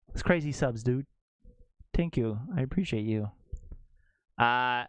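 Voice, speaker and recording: Brief: young male game streamer, mid-pitched, smooth and clear, dry close sound, chatty rambling storyteller. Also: unhurried, pauses often, no room sound. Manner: rambling, animated, heavy use of "like". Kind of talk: casual storytelling chat to stream viewers.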